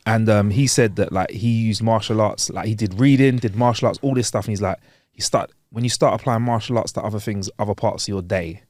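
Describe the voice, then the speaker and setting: A man co-hosting a podcast, talking in a relaxed, rambling way. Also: lowish voice, a little fast, dry recording. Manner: relaxed, rambling, full of "like" and restarts. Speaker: podcast co-host. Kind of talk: casual podcast chat.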